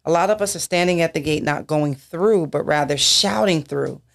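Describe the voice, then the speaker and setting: A woman's voice: sits low, normal speed, creaky. A woman minister in a church talk discussion, speaking emphatically and asking rhetorical questions.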